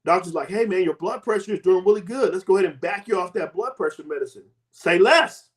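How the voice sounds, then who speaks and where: Man in his 50s, high voice, guest telling a story with animated voices for the people in it. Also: fast talker. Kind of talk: personal testimony.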